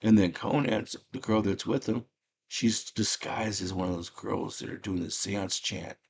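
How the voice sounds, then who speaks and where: A man casually retelling a movie plot in rough slang, breaking into loud put-on voices for the characters. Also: lowish voice, fairly even intonation, measured pace, slight background noise. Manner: rough slangy street talk. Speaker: movie chat host.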